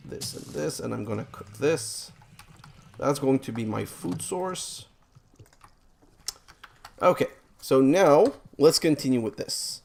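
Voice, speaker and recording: A man talks through his let's play session in a rambling, self-deprecating way, often exasperated by glitches and setbacks. His voice has a gravelly edge at a middling pitch. Faint keyboard clicks and typing can be heard behind him. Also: darkish tone, a little hiss or hum. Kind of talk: let's play game commentary.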